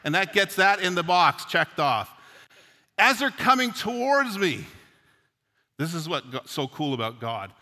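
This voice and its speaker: A middle-aged man from Newfoundland delivers a sermon with earnest conviction and easy storytelling asides. His voice is bright and forceful and sits slightly high for a man. It rings out with a long hall reverb from a church sanctuary. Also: big pitch swings, a little slow. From Newfoundland, Canada. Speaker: pastor.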